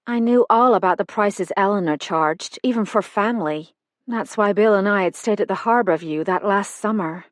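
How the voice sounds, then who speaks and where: A woman reading a first-person mystery novel aloud in an even, measured style. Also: medium pitch, dry recording, studio quality. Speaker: audiobook narrator. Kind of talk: first-person scripted narration.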